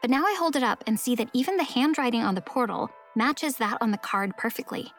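A woman's voice: a little high, lively intonation, a little fast, faint music behind. Wry woman narrating a story. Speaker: audiobook narrator. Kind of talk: first-person scripted narration.

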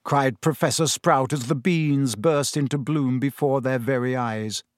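An audiobook narrator reading a story, expressive and fond of doing character voices. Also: medium pitch, a little slow, dry recording, studio quality. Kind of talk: scripted narration.

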